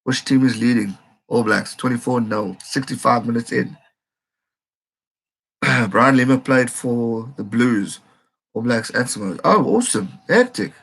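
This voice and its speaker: Streamer, man, gravelly and husky, excitable, reads out chat comments. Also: medium pitch. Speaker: live-stream host. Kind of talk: live match reaction stream.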